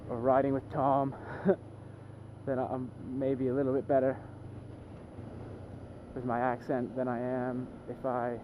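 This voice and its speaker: A man's voice: medium pitch, phone-quality sound. A young man talking casually to the camera while he drives, rambling and self-deprecating, with many restarts. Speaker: vlogger. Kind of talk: casual driving vlog. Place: inside a moving car. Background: car and road noise.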